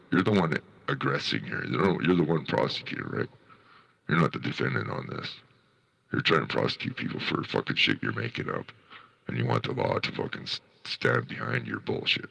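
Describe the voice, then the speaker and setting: A very deep, gravelly male voice with a raspy edge rolls through scornful, profanity-laced livestream commentary. His pitch swings widely as he reacts, and the tone stays bright and pushy. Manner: scornful, swears constantly. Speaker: livestream host reviewing clips.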